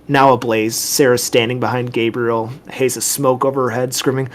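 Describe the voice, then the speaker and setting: A man's voice: mid-range voice, level tone, fairly quick, hardly any pauses, soft background music. A man narrating a tabletop horror game as game master, describing scenes cinematically.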